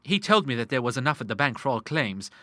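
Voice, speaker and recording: A man's voice: mid-range voice, sing-song, quick pace, bright, forceful tone, dry recording. A man voicing a hesitant, apologetic young man in an audiobook. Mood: uneasy. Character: earnest young man, hesitant junior partner. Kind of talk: audiobook character voice.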